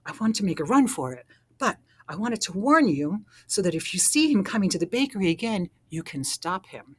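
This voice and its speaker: A woman voicing a proud, excitable male doughnut who talks high and loud when alarmed. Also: fairly quick, husky. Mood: frantic.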